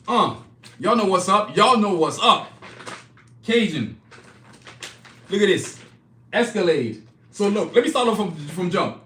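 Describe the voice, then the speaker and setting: High, hyped man selling his art live. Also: lively intonation, unhurried, long pauses, bright, forceful tone, echoey room. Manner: hyped, repeats phrases, talks straight to viewers. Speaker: artist hosting a live stream. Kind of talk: casual sales pitch on a live stream. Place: indoor studio, clothing hanging behind him.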